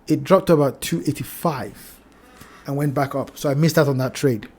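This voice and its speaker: A crypto trading channel host with a mid-range voice and moderate pace warns viewers while going over trading charts. His chart analysis is cautionary, and he repeats phrases and addresses his audience as "ladies and gentlemen."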